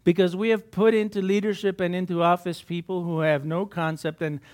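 A pastor giving a sermon in a conversational, off-the-cuff way, full of asides and repeated words. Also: male voice, sits high, little pitch movement, a little fast, a little mellow. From United States.

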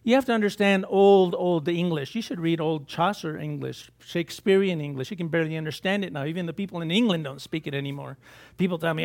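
A man delivers a sermon with a slightly higher-than-usual pitch. He talks from the pulpit in a loose, conversational way, breaking off for asides and repeating words as he goes. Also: fast, creaky, a little mellow. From United States. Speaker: pastor.

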